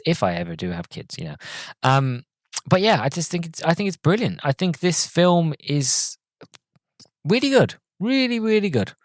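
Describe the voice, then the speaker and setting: Rambling, excitable man in his twenties. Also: medium pitch, no echo. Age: 20s. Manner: rambling and enthusiastic, heavy on fillers. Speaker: podcast host. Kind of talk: casual solo film review.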